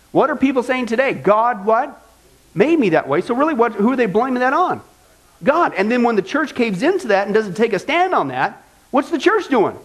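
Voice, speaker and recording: Pastor guy preaching hard, high voice, lots of "excuse me?" type questions. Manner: emphatic, preaching with rhetorical questions. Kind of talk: sermon.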